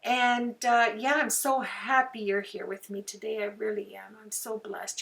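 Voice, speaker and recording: A woman's voice: mid-range voice, steady tone, creaky, fairly bright tone. A woman hosting a craft channel, chatting casually through a tutorial with frequent fillers. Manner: unhurried, chatty, with many fillers. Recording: voice some distance from the mic.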